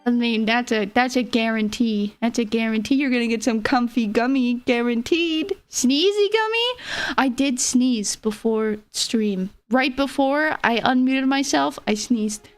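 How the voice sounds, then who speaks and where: A woman streamer chatting playfully with her viewers, giggly and teasing. Her voice is high and her delivery is unhurried, with faint music playing behind her. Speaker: livestreamer. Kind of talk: casual chat with viewers.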